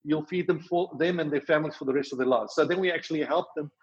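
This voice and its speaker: A man with a South African accent, explaining his charity's rescue work in a podcast interview, talking fast with many fillers and restarts. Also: on the high side, highs cut off. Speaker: charity worker.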